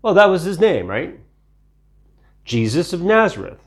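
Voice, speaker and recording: A man from Ukraine teaching the Bible in a sermon style, deliberate, repeating phrases for emphasis and asking rhetorical questions. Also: a little high, big pitch swings.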